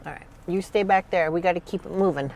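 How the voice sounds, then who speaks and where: A young woman vlogger chatting casually, excitable, laughing often and gushing over her pets. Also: fairly low pitch, quick pace. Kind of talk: casual vlog chat.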